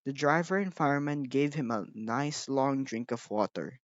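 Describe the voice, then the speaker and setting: A man narrating a children's storybook in a measured, gentle manner. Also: medium pitch, dry recording, dull audio. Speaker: audiobook reader.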